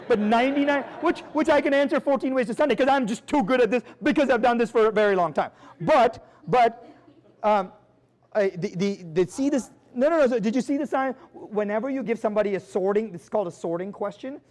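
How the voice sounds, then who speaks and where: A man giving a live seminar talk as a sales trainer, energetic and emphatic, firing rhetorical questions at the audience in a quick, conversational way. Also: very high voice. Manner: quick, conversational, with frequent restarts and "like" and "right?".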